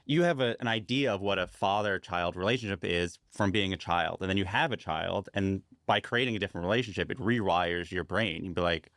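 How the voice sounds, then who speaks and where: A man hosting a casual podcast chat, offering thoughtful, measured remarks and brief listening cues. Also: low voice, fairly bright tone, no room sound, clean studio sound.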